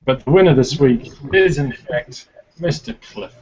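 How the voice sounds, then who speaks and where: A man's voice: medium pitch, unhurried, a little mellow, muffled recording. A man co-hosting an online show, announcing results in an upbeat, casual way. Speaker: co-host. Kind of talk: casual video call chat.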